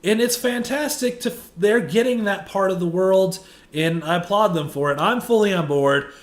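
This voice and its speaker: A man giving a heated, profane movie review that builds into shouted rants. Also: high-pitched, moderate pace. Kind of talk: ranting film review. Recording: echoey room.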